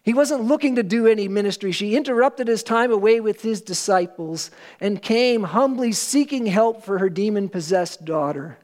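A pastor preaching a sermon to a church congregation, earnest and emphatic, with slow, weighty pauses. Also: male voice, sits high, a little mellow.

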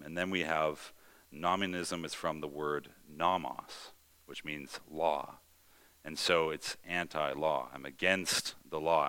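A low-pitched man delivers a sermon, earnest and deliberate, leaning into emphasis and then easing back. His voice is bright and forceful, with a smooth, clear tone. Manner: earnest preaching with rising emphasis and measured pauses. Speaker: pastor.

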